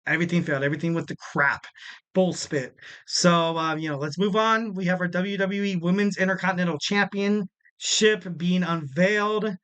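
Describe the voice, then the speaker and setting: A man's voice: sits high, fairly even intonation, moderate pace, fairly bright tone, clear, resonant tone. A man in his twenties hosting a wrestling podcast in a casual, rambling way, often repeating phrases for emphasis. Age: 20s.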